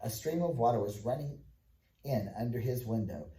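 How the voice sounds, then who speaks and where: Male storybook reader: plain, even delivery, mid pitch, roomy room sound. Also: moderate pace. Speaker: audiobook reader. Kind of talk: reading a children's book aloud. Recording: echoey room.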